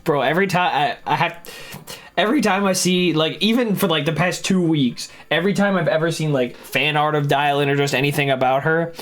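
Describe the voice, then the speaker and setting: A woman's voice: sits low, brisk, soft background music. A woman streaming a game, chatting casually, laughing and swearing as she plays.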